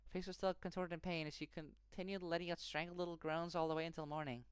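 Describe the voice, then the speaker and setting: A woman streamer reading a visual novel aloud, quick and expressive, reacting emotionally along the way. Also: lowish voice, clear, resonant tone, no echo. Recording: game music behind.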